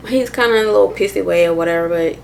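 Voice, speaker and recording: A woman's voice: medium pitch, racing, creaky, a little mellow, a little hiss or hum, low-quality recording. A woman vlogger telling a personal story in a loose, slangy way, candid and matter-of-fact, with lots of "like" and "or whatever.". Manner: candid, matter-of-fact retelling of hard memories.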